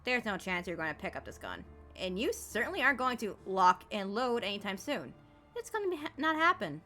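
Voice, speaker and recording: She reads the game's text out loud while playing, mocking it in a lively, joking way. The woman streamer's medium-pitched voice runs a little fast, with soft music in the background.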